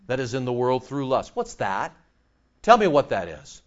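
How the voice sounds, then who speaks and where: A man preaching a sermon as pastor, animated and sarcastic, firing rhetorical questions at the congregation. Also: medium pitch, moderate pace, muffled recording.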